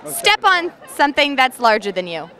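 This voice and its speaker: A woman hosts a teasing street quiz in a high, bright voice. Her pitch jumps around animatedly as she jokes with strangers. A faint murmur of people carries behind her. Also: sing-song, normal speed, a faint crowd. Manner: playful, teasing. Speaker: host. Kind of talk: street vox-pop interviewing.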